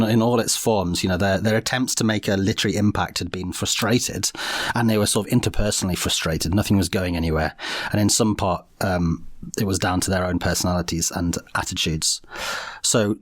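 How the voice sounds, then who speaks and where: Low-voiced man telling history casually. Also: brisk, no echo, studio quality. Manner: relaxed, chatty storytelling with many fillers. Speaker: podcast host. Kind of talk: casual history podcast chat.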